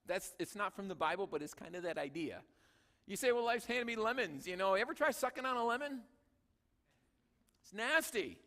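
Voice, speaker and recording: High bright-voiced male pastor preaching. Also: normal speed, pauses often, in a large hall. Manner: conversational, joking asides. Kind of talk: sermon. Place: church sanctuary.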